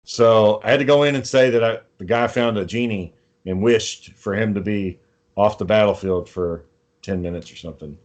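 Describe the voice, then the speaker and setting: A man's voice: lowish voice, moderate pace. A man hosting a podcast, telling long, profane, rambling stories in casual chat. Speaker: podcast host.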